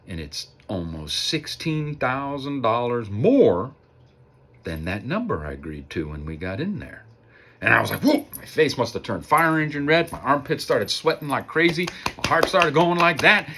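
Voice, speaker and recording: A man's voice: medium pitch, very animated, moderate pace, pushed and bright, slightly rough. A man casually telling a personal story on his vlog, acting out the voices of the people in it. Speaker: vlogger.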